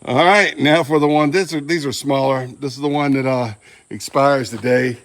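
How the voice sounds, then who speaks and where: A man's voice: mid-range voice, steady tone, moderate pace, a little hiss or hum. Folksy man at the grill. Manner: folksy, joking asides while working the grill. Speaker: barbecue channel host. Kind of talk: casual cooking demonstration. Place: outdoors at a kettle grill.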